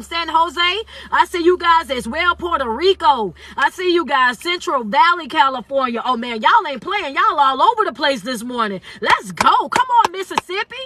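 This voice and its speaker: A woman, hosting a live-stream motivational talk on her phone, lively and affectionate, calling listeners baby and honey. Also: extremely high pitch, no echo. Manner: lively, calls the audience baby and honey, laughs often. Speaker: motivational speaker.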